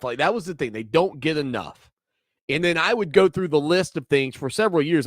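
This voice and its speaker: A man's voice: on the high side, dry recording, studio quality. Chatty man, sports talk host. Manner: rambling, repeats words, animated opinions. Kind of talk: casual sports talk monologue.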